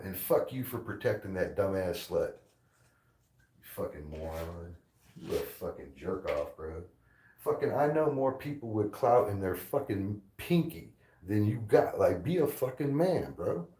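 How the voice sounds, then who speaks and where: A man's voice: low voice, very animated, a little slow, mellow, echoey room, slight background noise, low-quality recording. A man ranting angrily at a commenter, insulting and aggressive, repeating himself. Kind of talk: angry profane rant.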